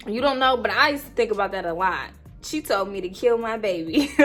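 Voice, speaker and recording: A woman's voice: mid-range voice, a bit bright. Tearful young woman vlogger. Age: 20s. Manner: tearful, laughing through tears, rambling with many fillers. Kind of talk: emotional storytime.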